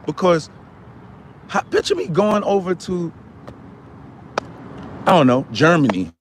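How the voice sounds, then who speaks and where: A man puts on a boastful, hot-tempered ranter with a somewhat high voice that lurches between low mutters and sudden yells. He repeats himself constantly and talks in a comedic stream rant. A faint hum of outdoor traffic sits underneath. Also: very animated, a little slow. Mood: scornful. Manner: ranting, repetitive, swinging from mutters to yells. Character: loud boastful ranting man, quick to anger.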